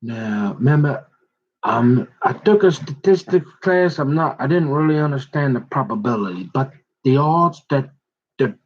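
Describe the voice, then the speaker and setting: A man's voice: medium pitch, animated, lo-fi sound. A man telling a long personal story in a rambling, casual monologue. He speaks straight to his listener and keeps checking in with "right?" and "mm-hmm". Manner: drawn-out, meandering storytelling with many restarts.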